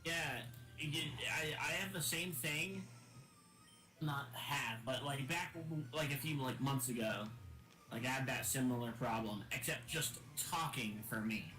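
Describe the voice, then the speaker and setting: A man's voice: mid-range voice, measured pace, sharp tone. A man chatting casually with friends, teasing and often restarting his sentences. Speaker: friend on stream. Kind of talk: casual chat. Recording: echoey room with music.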